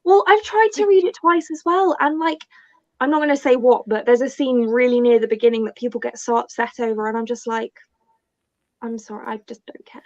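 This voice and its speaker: Fairly high-voiced woman, dull lo-fi sound. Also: brisk. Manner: apologetic, self-deprecating, laughs between phrases. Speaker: podcast co-host. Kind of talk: casual book chat.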